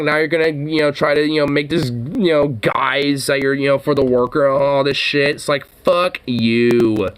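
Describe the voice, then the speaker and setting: A man's voice: mid-range voice, fairly even intonation, moderate pace, hardly any pauses, clean tone. Profane ranting male commentator. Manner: ranting, sarcastic, heavy swearing; mocking sing-song interjections. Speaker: commentator reacting to a clip.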